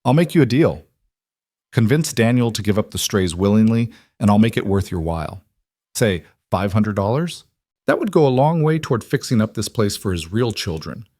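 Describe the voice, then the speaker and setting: A man's voice: on the low side, expressive, moderate pace, warm tone, dry recording. A man playing a smug, wealthy middle-aged bully who talks bluntly and sneers. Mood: sneering. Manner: blunt, sneering, falsely sympathetic.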